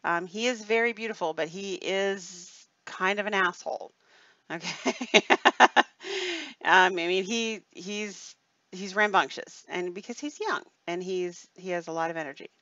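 A woman's voice: medium pitch, measured pace, bright, forceful tone, no room sound. A woman hosting a live stream in casual chat, rambling and reading viewer comments, often checking in with "okay?". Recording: dull lo-fi dry sound.

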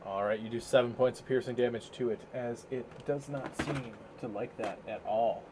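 A man runs a tabletop game as its game master, narrating in a relaxed, casual way. His voice sits at an everyday pitch, with a faint hiss of background noise. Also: normal speed.

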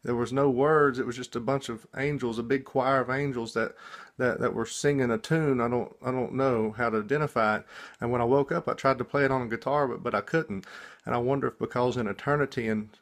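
A man shares a dream in a relaxed, unscripted way, still freshly awake. He talks at a medium pitch and keeps restarting his sentences, repeating small words as he searches for what to say. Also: a little fast. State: just woken up. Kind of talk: casual spoken testimony.

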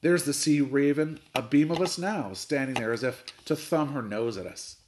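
A man voicing a gruff old sea captain who bellows orders and roars at everyone. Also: medium pitch, moderate pace, noisy background, close to an everyday voice. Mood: blustering. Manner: roaring, barking orders.

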